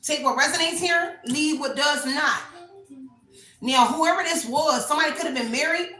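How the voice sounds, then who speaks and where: Bright, high-voiced woman reading tarot. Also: normal speed, reverberant, soft background music, poor audio. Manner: chatty, blunt, rambling storytelling. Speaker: tarot reader. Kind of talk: casual tarot reading monologue.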